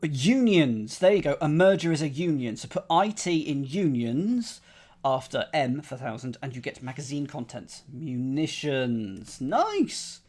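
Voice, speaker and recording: Man musing lively over clues. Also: on the high side, measured pace, breathy edge. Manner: playful, muttering to himself while reasoning. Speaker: streamer solving crosswords. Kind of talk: live-stream puzzle solving, thinking aloud.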